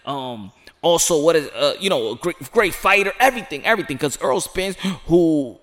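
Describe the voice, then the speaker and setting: Man, high voice, excited rambling commentary, outdoors. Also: normal speed. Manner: rambling, animated, repeats himself, with outbursts. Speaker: sports commentary vlogger.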